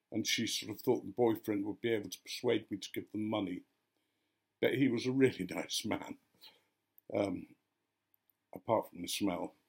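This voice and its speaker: A retired vicar, an older man with a fairly low, creaky voice and a breathy edge, relates a story in a casual way. Gently amused, he performs the quoted voices of the characters.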